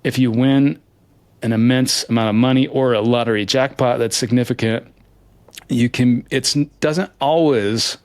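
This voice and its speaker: A man's voice: medium pitch, fairly even intonation, moderate pace, no echo. A man giving candid, reflective interview answers, earnest and hesitant with frequent restarts. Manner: earnest, hesitant, with many restarts and soft laughs. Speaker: interview guest, lottery winner.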